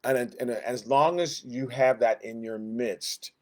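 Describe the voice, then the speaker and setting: A man teaching a Sunday school Bible lesson in a conversational, animated way, acting out the quotes he reads. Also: medium pitch, unhurried.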